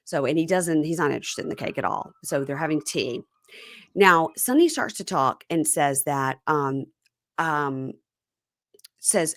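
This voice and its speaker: A woman's voice: low-pitched, lively intonation, measured pace, no room sound, clean studio sound. A woman hosting a podcast, casually retelling scenes with lots of ums and acted-out quotes. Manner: storytelling, acts out quotes, frequent ums. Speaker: podcast host. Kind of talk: casual recap chat.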